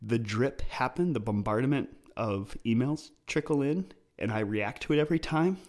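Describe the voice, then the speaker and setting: A man hosts his own podcast alone, casually explaining ideas by way of personal stories. His voice is mid-range and darkish, at a moderate pace.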